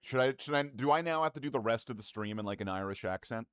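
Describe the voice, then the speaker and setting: A man's voice: mid-range voice, expressive, fast talker, fairly bright tone, clean tone, no echo, clean studio sound. A man streaming live and chatting casually with his viewers in profane, rambling, mock-indignant banter.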